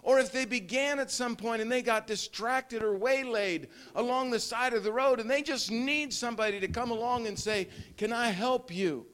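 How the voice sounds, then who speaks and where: A man's voice: very high-pitched, moderate pace, hardly any pauses, fairly bright tone. An older man preaching a conversational sermon, often repeating words and chuckling as he talks. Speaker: pastor.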